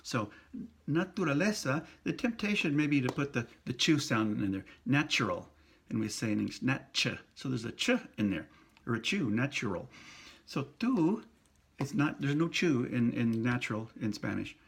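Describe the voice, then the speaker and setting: Husky man slowly sounding out syllables. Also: medium pitch, expressive. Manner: slow, patient, repeats and sounds out syllables. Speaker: priest teaching Spanish pronunciation. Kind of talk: casual pronunciation lesson.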